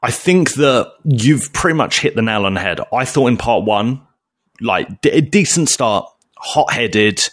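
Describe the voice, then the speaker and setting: Lively, chatty man. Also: medium pitch, unhurried, no room sound, studio quality. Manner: chatty, enthusiastic, banter with slang like mate. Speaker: podcast co-host. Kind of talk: casual chat reviewing a TV episode.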